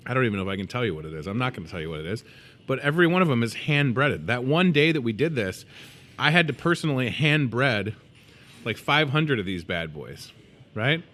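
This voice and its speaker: A man in his thirties hosting a store video show, chatting casually and joking while promoting food. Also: fairly high pitch. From moved to Iowa as a student. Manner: playful, joking, animated.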